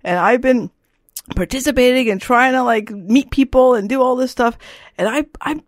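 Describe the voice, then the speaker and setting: A woman voicing her quiet, grumpy teenage daughter, tired out after a long school day. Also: on the high side, normal speed, no echo, clean studio sound, pitched above the performer's own voice, close to an everyday voice. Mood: weary.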